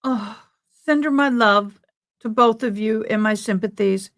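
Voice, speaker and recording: A woman hosting a casual livestream covering a trial chats and reads out viewer comments. Her mid-range voice is a bit bright, and she speaks unhurriedly.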